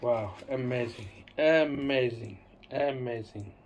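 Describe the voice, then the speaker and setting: A man's voice: mid-range voice, slow pace, a little hiss or hum. A man hosting a casual home cooking video, talking enthusiastically and often adding a questioning "eh?". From Madeira, Portugal. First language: Portuguese. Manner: enthusiastic, repeats tag question "eh?".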